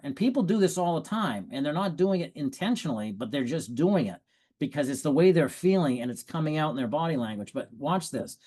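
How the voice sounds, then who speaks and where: A man giving an energetic, conversational sales training talk on a video call, often restarting his sentences. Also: a little high, a little fast.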